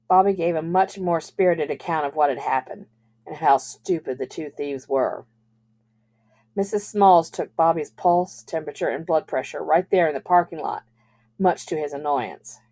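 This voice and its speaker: A woman teacher reading a novel aloud in a calm, measured way. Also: deep voice.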